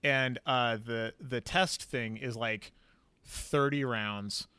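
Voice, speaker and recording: A man's voice: medium pitch, fairly even intonation, takes it slowly, pushed and bright, smooth, no echo. A man hosting a podcast, telling a long story in casual chat, rambling with lots of fillers and casual swearing. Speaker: podcast host.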